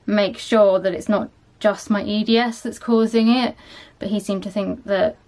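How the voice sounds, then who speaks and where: A young woman talks casually to her vlog audience. She sounds tired and sluggish, and her speech wanders with lots of fillers. Her pitch sits in the middle for a woman. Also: steady tone, normal speed, a little mellow. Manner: chatty, rambling, lots of ums and likes. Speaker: vlogger. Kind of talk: casual chat.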